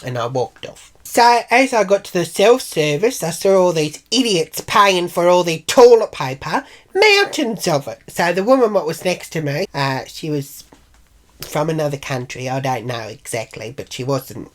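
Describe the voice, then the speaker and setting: A middle-aged Australian woman telling a brash, swearing anecdote in casual vlog style, switching to high voices when quoting others. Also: very animated, moderate pace. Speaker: vlogger. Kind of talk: casual storytelling.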